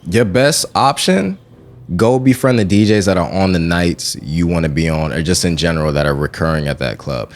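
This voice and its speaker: A man talking casually as a DJ guest on a podcast, slangy and animated, often asking "you know what I'm saying". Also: low-pitched, normal speed. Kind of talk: casual interview chat.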